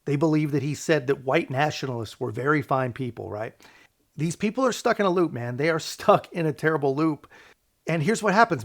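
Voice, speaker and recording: A male host giving casual, sarcastic political commentary, laughing often and tagging lines with "man" and "right". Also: medium pitch.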